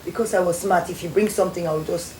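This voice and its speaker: Young Sierra Leonean woman, guest, lively storyteller; low warm voice, echoey room. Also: fast. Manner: animated storyteller acting out quoted voices. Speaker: guest, former beauty queen. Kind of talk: storytelling interview. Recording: echoey studio with faint noise.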